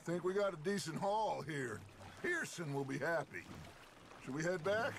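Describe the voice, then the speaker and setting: An actor playing a charismatic male outlaw gang leader with a gravelly, theatrical way of talking. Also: fairly high pitch, animated, normal speed, background noise. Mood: reminiscing.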